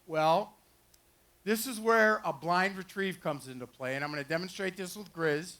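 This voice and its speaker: Guy running a retriever dog demo at a fair, jokey folksy commentary, highish voice, outdoors on a mic. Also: normal speed, bright, forceful tone. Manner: joking, folksy. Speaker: dog trainer and show host. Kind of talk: live demonstration commentary. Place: outdoor fair pond with dock. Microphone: handheld or headset mic.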